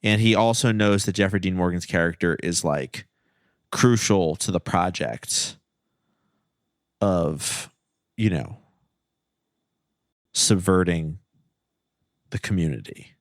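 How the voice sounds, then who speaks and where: A man with a slightly low voice rambles through a casual podcast chat. He jokes and leans on fillers. The recording is dry and close. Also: slow, long pauses, no echo. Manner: rambling, jokey, many fillers. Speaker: podcast co-host.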